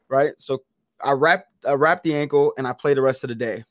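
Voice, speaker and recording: A podcast co-host tells profane, animated stories in a casual chat. His medium-pitched voice is fairly quick, and the dry recording has clean studio sound.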